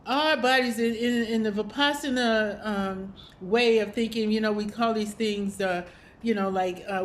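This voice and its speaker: A woman hosting a spiritual video series, telling a personal story in a casual, reflective way with many fillers and small laughs. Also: mid-range voice.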